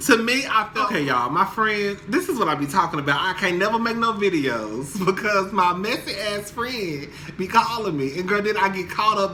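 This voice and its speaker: A young man dishes on a reality TV episode in a loose, gossipy vlog, sassy and quick to laugh. His voice is slightly high and strikingly bright and edgy, with a faint hum of noise behind it. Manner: sassy, animated, laughs often. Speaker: reality TV recap vlogger. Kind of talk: casual gossipy recap.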